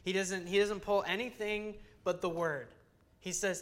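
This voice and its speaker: An earnest young adult Bible teacher delivers a relaxed, conversational sermon on scripture. The mid-pitched voice sounds chatty and a little slow, often circling back with restarts and casual fillers as the points build.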